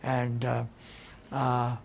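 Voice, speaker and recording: An older man, a guest on a TV talk show, speaking haltingly with many restarts. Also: medium pitch, monotone, creaky, a little hiss or hum. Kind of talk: emotional TV interview.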